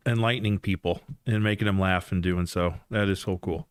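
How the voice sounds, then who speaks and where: Podcast host guy, smooth clear voice, dry close sound, eager. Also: sits low, fairly even intonation, a little fast, dry recording. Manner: friendly, eager fan questions. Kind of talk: casual interview.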